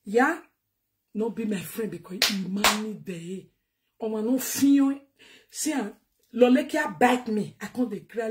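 Ranting Nigerian woman, high voice. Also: animated, normal speed, slight background noise. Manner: ranting, scolding, repetitive, mixes in Yoruba phrases. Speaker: online commentator. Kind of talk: heated monologue to viewers.

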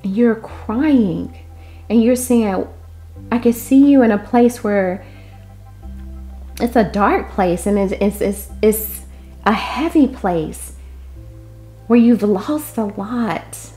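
A woman delivering a prophetic word in an impassioned way, moving between loud declarations and hushed asides. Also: fairly high pitch, slow pace, long pauses, soft background music. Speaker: prophetic minister.

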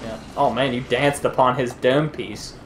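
A man's voice: mid-range voice, steady tone, moderate pace, slight background noise, rough recording. A young man commenting on a video game with friends, cracking crude jokes and talking over the others. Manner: joking, crude quips, talks over others. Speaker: let's play commentator. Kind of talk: casual gameplay banter.

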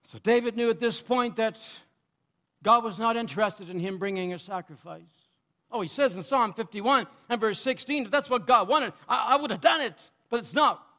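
A male preacher with a very high voice delivers an impassioned sermon. He swings between loud, fervent cries and quiet asides. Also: moderate pace.

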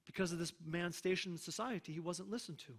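A man preaching a sermon as pastor, emphatic, slowing down for scripture readings and checking in with the congregation. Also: high voice, gravelly, husky.

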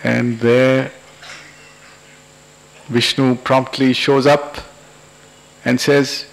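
Slow, gravelly man telling a story. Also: medium pitch, little pitch movement, low-quality recording. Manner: unhurried, anecdotal storytelling. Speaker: lecturer. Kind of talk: storytelling in a public lecture. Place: convention lecture hall.

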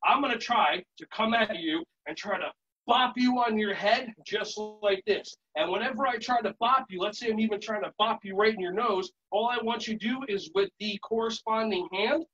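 A man teaching a live virtual workshop, playful and energetic, chanting songs and shouting sudden "aya" calls. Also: high voice, moderate pace, husky, highs cut off. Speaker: children's yoga and martial arts instructor.

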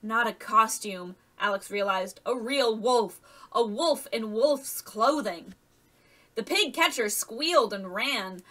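A woman reads a children's fantasy novel aloud in a lively narration. Her voice is bright and sharp, a little high, and sounds somewhat distant from the mic. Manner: lively reading with voiced characters. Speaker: audiobook reader. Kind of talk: scripted narration.

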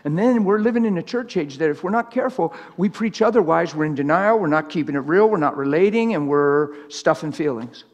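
A man's voice: fairly high pitch, animated, a little fast, few pauses, long reverb tail, highs cut off. A middle-aged man preaching a live sermon in a church, plain-spoken and teasing, laughing along with the crowd.

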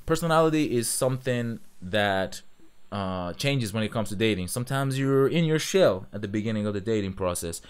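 A man hosting a reaction video with blunt, excitable commentary. His pitch swings widely as he jumps between mocking asides and loud cheers. He talks casually and straight at his viewers. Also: moderate pace, smooth, soft background music. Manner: animated, blunt, loud outbursts.

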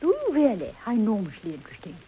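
A woman's voice: medium pitch, very animated, fast talker, dark tone, breathy edge, low-quality recording. An actress playing a gushing, effusive society lady in a 1940s radio comedy. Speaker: gushing radio-panel guest.

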